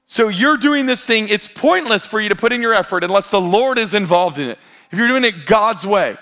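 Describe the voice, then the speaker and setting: Bright-voiced, animated man preaching. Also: sits high, brisk. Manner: animated storytelling with quoted voices. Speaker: pastor. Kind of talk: sermon.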